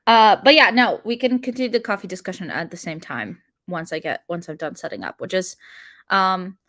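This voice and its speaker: A woman's voice: medium pitch, expressive, a little fast, a bit bright, no echo, clean studio sound. Young woman, livestream coding host, chatty and filler-heavy, mid-range voice. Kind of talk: casual livestream chat while coding.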